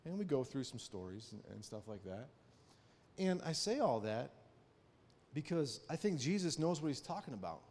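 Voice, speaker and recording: A man giving a conversational sermon, telling personal stories and often checking in with his listeners with quick rhetorical questions. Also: mid-range voice, sing-song, a little mellow. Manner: personal storytelling. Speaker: preacher. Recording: long hall reverb.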